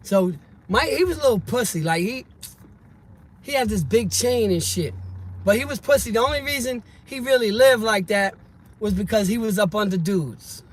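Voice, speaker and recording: A man telling a rambling, slangy street story that grows loud and heated. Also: sits high, lively intonation, moderate pace. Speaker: vlogger telling stories. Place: car and street in the city. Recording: loud traffic and street noise.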